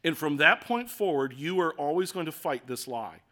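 A man preaching a sermon as pastor, moving from quiet, earnest passages to loud, passionate declarations and acting out quoted voices. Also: fairly high pitch, lively intonation, moderate pace. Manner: acts out quoted voices with rhetorical questions.

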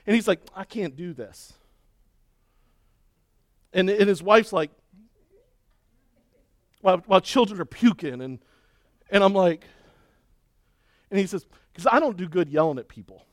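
A middle-aged man preaching a sermon and telling a story with lively, acted-out shouting and cheering. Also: high voice, normal speed, long pauses, no echo, clean studio sound. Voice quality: balding. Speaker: pastor.

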